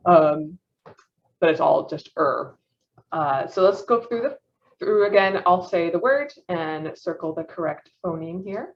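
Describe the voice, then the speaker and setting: Young female instructor, low-ish voice, encouraging and giggly, muffled lo-fi recording. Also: a little slow. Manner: encouraging, praises answers, laughs often. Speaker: phonetics practice leader. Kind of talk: teaching an online phonetics practice session. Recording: dull muffled lo-fi audio.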